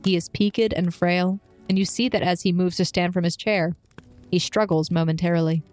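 A woman's voice: fairly low pitch, fairly even intonation, normal speed, a little mellow, faint music behind. A woman narrating as game master in a playful, often laughing way.

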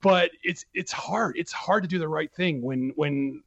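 A man talking about films as a podcast guest, in an animated casual way with many restarts and fillers. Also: a little high, a little slow, slightly rough, no echo, highs cut off. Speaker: film critic guest.

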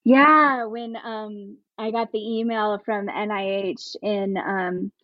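A woman's voice: mid-range voice, steady tone, slow pace, dry recording, lo-fi sound. A woman speaking as a podcast guest about her advocacy, earnest and emotional, talking in long runs with many restarts. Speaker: podcast guest, plus-size pregnancy advocate. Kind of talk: conversational interview.

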